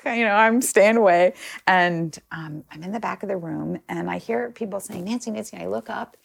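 A woman's voice: lowish voice, vocal fry. A woman guest telling a long personal story in a chatty way, with many ums and quoted lines. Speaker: interview guest. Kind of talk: casual storytelling.

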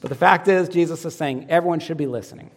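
A pastor preaching a sermon who asks the congregation fill-in questions and swings dramatically in pitch and loudness. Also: male voice, quick pace. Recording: long reverb of a church hall.

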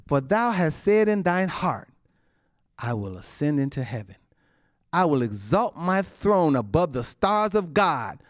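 A man preaching a sermon, swinging between loud, high exclamations and quiet low asides, laughing often between lines. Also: no echo, studio quality.

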